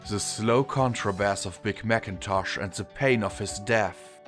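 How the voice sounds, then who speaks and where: A man narrating a fan fiction audiobook in a measured storytelling manner. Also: on the low side, fairly bright tone. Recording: long reverb with faint music.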